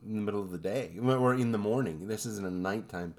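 A man with a fairly low voice tells creepy stories on a podcast, easygoing and a little rambling. He pauses with "um" and "you know" as he goes, keeping it conversational rather than dramatic. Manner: relaxed, rambling storyteller with frequent fillers. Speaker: podcast co-host. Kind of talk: casual storytelling chat.

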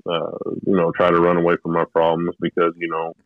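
A man telling his own story as an interview guest, rambling and halting in an earnest, confessional way. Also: deep voice, monotone, a crowd in the background. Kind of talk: personal testimony in conversation. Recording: narrow phone-like line, dry.

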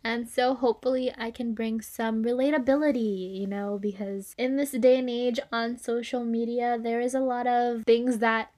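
A woman's voice: fairly high pitch, steady tone, normal speed, hardly any pauses, darkish tone. A woman in her twenties hosting a casual solo podcast, talking frankly, swearing freely and laughing often. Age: 20s. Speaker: podcast host.

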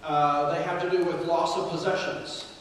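A man preaching a sermon and praying in an earnest, halting way, with many fillers. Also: fairly high pitch, level tone, slight background noise. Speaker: pastor. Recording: echoey hall, mic from far off.

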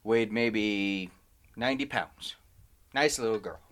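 A podcast co-host with a fairly low voice takes his time telling a long personal story to a friend in casual chat. His anecdote is rambling and animated, and he keeps stopping and restarting his sentences.

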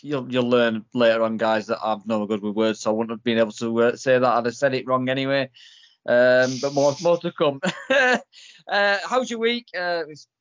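A man's voice: medium pitch, moderate pace. A British man co-hosting a podcast, easygoing and hesitant, often restarting his sentences. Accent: British English. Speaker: podcast co-host. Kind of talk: casual podcast banter. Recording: slightly dull-sounding podcast audio.

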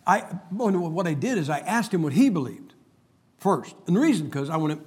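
Husky-voiced man preaching with jokes. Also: a little high, big pitch swings, fairly quick, a little mellow. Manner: joking, storytelling, emphatic preacher. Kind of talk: humorous sermon.

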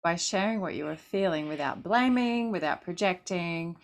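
A woman's voice: fairly low pitch, animated, moderate pace, a crowd in the background. A woman co-hosting a casual chat, who speaks in a reflective, affirming coaching manner.

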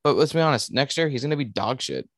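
A young man talks bluntly, peppering every sentence with swearing. His voice is at an ordinary middle pitch. The sound is close and dry. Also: expressive, quick pace, no room sound. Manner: profane, blunt. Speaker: podcast co-host. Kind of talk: casual chat.

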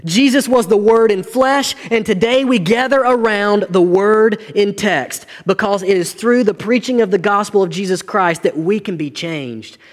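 A man's voice: high voice, normal speed, hardly any pauses, long reverb tail. A man, preaching a sermon to his congregation with earnest, rising and falling intensity. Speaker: pastor.

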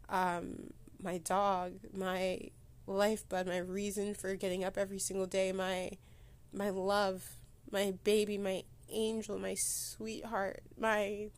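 A woman hosting a personal solo podcast, holding back tears and talking haltingly, with many restarts and pauses. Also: mid-range voice, little pitch movement. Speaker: podcast host. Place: sitting against a board indoors.

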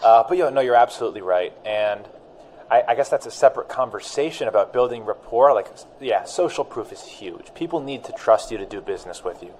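A man's voice: mid-range voice, expressive, a little fast, darkish tone. Male podcast host, casual chat, easygoing, faint background hum.

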